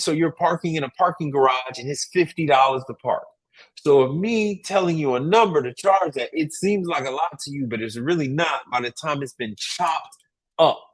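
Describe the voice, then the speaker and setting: Hosting a casual livestream, a man with a mid-range voice hands out emphatic business advice, repeating himself a lot and often checking in with "right?"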